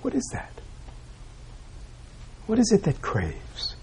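A man's voice: high-pitched, wildly swooping pitch, takes it slowly, darkish tone, slight background noise. A man giving a Buddhist dharma talk, asking rhetorical questions and tagging "right?" onto his points with small chuckles. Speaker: Buddhist teacher.

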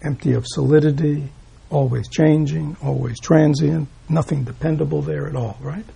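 A man's voice: on the high side, fairly even intonation, normal speed, vocal fry, crowd noise. A man giving a Buddhist dharma talk, asking rhetorical questions and tagging "right?" onto his points with small chuckles. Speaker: Buddhist teacher.

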